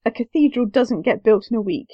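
A woman's voice: a little high, lively intonation, fairly quick, dry recording. A woman co-hosting a book podcast, wry and joking as she gives her opinions. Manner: wry, joking, laughs easily. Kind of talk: casual podcast chat. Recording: dry, slightly dull lo-fi recording.

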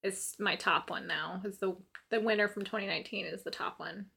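A woman's voice: medium pitch, fairly quick, gravelly, slightly rough. A young woman chatting casually as co-host, telling stories with lots of laughter and acting out her past self. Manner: animated storyteller, laughs often, acts out her own past voice. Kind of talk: casual chat.

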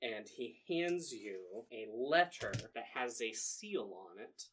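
A man narrating as game master, relaxed and halting, with frequent restarts. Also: mid-range voice, slight background noise.

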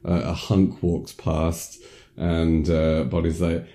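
A man's voice: low-pitched, monotone, slow pace, dark tone. A man casually recapping a film as a podcast co-host, rambling with many fillers and acting out lines. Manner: rambling storyteller, many ums, acts out lines in silly voices. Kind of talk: casual chat.

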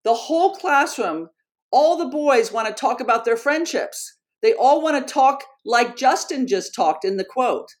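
A middle-aged woman researcher and author, telling a story as an interview guest in an earnest, animated way, with frequent restarts. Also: high voice, measured pace.

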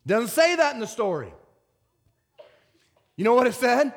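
High-voiced preaching pastor. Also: male voice, a little slow. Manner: animated preaching, swings from shouts to whispers. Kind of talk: sermon.

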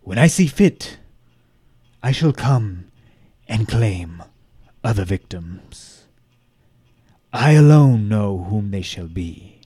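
A man's voice: lowish voice, animated, slow, long pauses, dark tone, breathy edge, no room sound, full character voice. A man reading aloud the letter of a boastful demonic male axe murderer. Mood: menacing.

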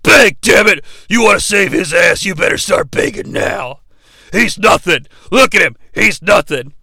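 Man impersonating a cruel male wrestler: hushed, low, gloating menace. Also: lively intonation, a little slow, gravelly, dry recording, studio quality, exaggerated voice. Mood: taunting. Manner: low, hushed, taunting delivery.

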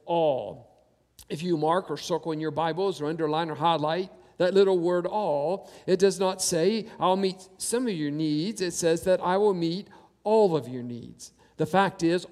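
Male pastor, high voice, preaches with emphatic repetition, long hall reverb. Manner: emphatic preaching with repetition and slow stressed quotes. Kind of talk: sermon.

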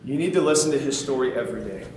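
Animated preacher in a very echoey hall. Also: male voice, mid-range voice, very fast, a little hiss or hum. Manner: animated, conversational, self-mocking, laughs often. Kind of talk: sermon.

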